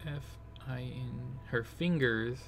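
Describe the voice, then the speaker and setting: A man streaming a game, slowly spelling out letters as he decodes text, then breaking into excited disbelief. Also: medium pitch, vocal fry, soft background music.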